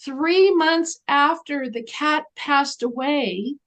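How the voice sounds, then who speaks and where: A woman guest in an interview, telling a story in an animated way and acting out the voices of people she quotes. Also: high voice, takes it slowly.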